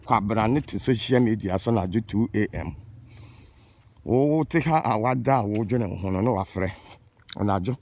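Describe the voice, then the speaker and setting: A man's voice: lowish voice, moderate pace, a little mellow. A man from Ghana with a Ghanaian accent, scolding and ranting in an exasperated casual monologue. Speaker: vlogger.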